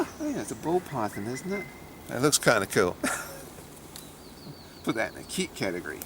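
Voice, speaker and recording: A man's voice: mid-range voice, big pitch swings, unhurried, pauses often, fairly bright tone, slight background noise. A middle-aged man with an Australian accent, a snake handler giving chatty, dry vlog commentary.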